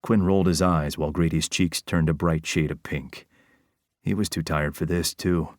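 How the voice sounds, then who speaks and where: A man narrating a crime novel audiobook in a steady, even reading. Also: a bass voice, normal speed, dry recording, studio quality.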